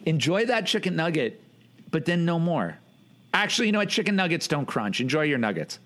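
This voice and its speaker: A man's voice: a little high, very animated, a little fast, a bit bright. A man hosting a casual podcast chat, rambling a little, correcting himself and teasing his co-hosts as he wraps up. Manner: rambling, self-correcting, playful. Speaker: podcast host.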